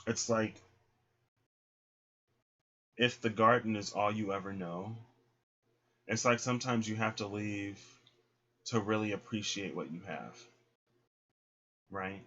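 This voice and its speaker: Chatty low-voiced man reading tarot. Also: slow, long pauses, sharp tone, highs cut off. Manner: chatty, filler-heavy, acts out voices in quotes. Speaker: tarot reader.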